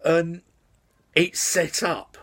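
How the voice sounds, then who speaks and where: A man's voice: on the high side, little pitch movement, very slow, a bit bright. A man casually reviewing a film in his vlog, rambling with lots of fillers and restarts. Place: outside the house.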